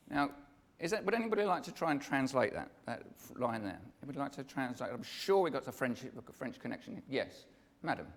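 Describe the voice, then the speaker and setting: A man's voice: mid-range voice, sing-song, normal speed, a bit bright. A man giving a live pre-concert talk, chatting and joking with the audience in between singing his poems. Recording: long hall reverb with music.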